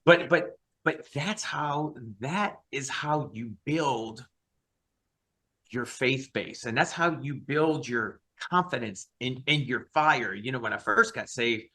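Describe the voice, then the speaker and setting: Fired-up husky man preaching on a call. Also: mid-range voice, takes it slowly. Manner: fired up, emphatic, animated. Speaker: guest, Christian rock singer. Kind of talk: passionate interview talk.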